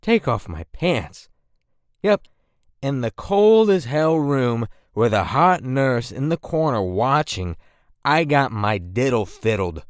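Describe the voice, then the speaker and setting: A man's voice: medium pitch, big pitch swings, slow pace, smooth, no echo, clean studio sound. A man in his twenties narrating comedic storytime anecdotes with crude, self-mocking humor.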